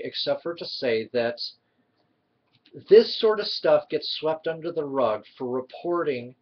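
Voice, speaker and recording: A man's voice: on the high side, breathy edge. A man ranting in a heated, sarcastic way as a vlogger giving his opinions. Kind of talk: opinionated commentary. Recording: dull lo-fi recording.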